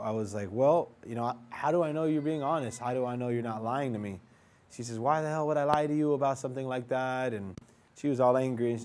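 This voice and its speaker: A man's voice: mid-range voice, warm tone. A young man casually recounting his search for his father, rambling and conversational, acting out quoted dialogue along the way. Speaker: vlogger telling his life story. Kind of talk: casual storytelling.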